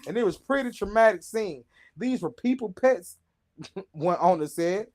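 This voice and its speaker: Joking high-voiced man hosting. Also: animated, unhurried, darkish tone. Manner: joking, stumbles over names, laughs mid-sentence. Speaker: show host. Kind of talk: casual news reading with commentary.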